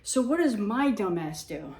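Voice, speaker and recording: A woman tells a comic story about herself in a loose, animated way. Her voice sits in a middle range. The room around her adds a noticeable echo. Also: medium pitch, measured pace, gravelly, far from the mic. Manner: animated, self-mocking, acts out shrieks. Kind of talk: casual storytelling. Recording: echoey room.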